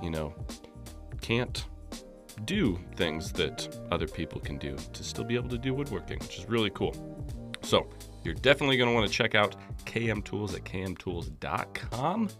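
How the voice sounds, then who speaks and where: A man's voice: on the low side, animated, normal speed, over music. A man co-hosting a podcast, reading an ad in a chatty way and poking fun at himself. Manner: chatty, self-mocking. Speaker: podcast co-host. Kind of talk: casual chat and ad read.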